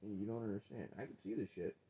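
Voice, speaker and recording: A man arguing with his wife on a vlog, profane and confrontational, his voice rising toward yelling. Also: lowish voice, fast talker, a little hiss or hum, rough recording. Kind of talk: heated domestic argument on a vlog.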